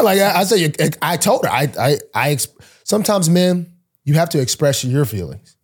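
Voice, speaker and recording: At normal speed but with long pauses, a young man with a breathy voice, a podcast host and pro football player, tells a story in easygoing chat. He acts out the quoted voices animatedly, jumping sharply in pitch.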